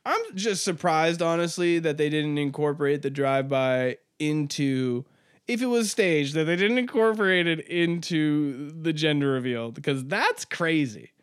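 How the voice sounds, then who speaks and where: A man's voice: a little high, normal speed, clear, resonant tone, no echo, studio quality. A man hosting a podcast alone, rambling casually with lots of swearing and laughing at his own jokes. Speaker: podcast host. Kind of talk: casual solo podcast monologue.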